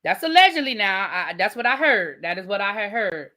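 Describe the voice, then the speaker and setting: A woman with a bright, medium-pitched voice hosts a livestream reviewing reality TV and chats casually with viewers. She talks briskly with big pitch swings, staying chatty and emphatic while speaking straight to the chat.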